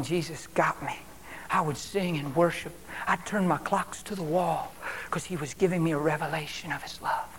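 A preacher giving a fervent sermon, calling listeners by name and swinging from loud exclamations to hushed prayer. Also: mid-range voice, slight background noise.

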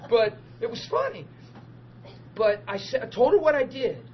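A minister telling a personal faith testimony as an earnest, emotional storyteller. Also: male voice, extremely high pitch, moderate pace, crowd noise. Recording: dull lo-fi recording with steady noise.

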